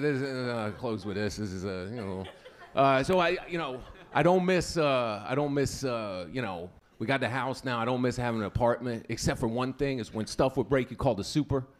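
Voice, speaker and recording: A man performing a stand-up set at a comedy club, telling a story with stuttering impressions. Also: medium pitch. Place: comedy club with live audience.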